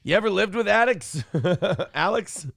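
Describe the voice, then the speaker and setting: A man hosting a morning talk show, swearing freely and jumping into loud impressions of others. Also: high voice, unhurried, vocal fry, dry recording, studio quality. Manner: profane, animated, mimics others in loud bursts. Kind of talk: casual podcast commentary.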